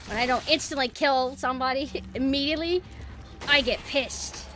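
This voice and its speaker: A young woman streaming a game live, swearing and yelling in frustration at the game. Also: high-pitched, moderate pace, a little hiss or hum.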